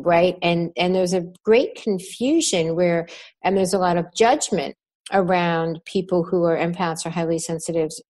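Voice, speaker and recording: Low-voiced woman podcast host. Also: darkish tone. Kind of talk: conversational interview.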